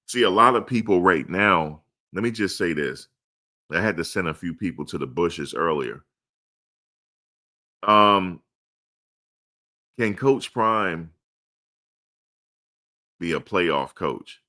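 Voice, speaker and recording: A man's voice: deep voice, slow pace, pauses often, sharp tone. A man hosting a live sports stream, answering chat with emphatic, repeated rhetorical questions. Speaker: livestream host.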